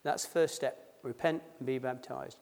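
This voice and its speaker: A man's voice: mid-range voice, fairly even intonation, moderate pace, creaky, darkish tone. A man preaching a sermon at a baptism service, a pastor who drops his H's and reads scripture before explaining it in plain, conversational words. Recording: long reverb in a church hall.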